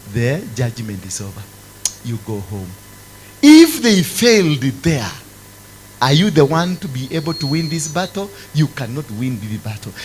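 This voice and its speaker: A man preaching a sermon, swinging from loud exclamations to low, intense tones. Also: a little hiss or hum, rough recording. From Kenya. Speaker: apostle preaching.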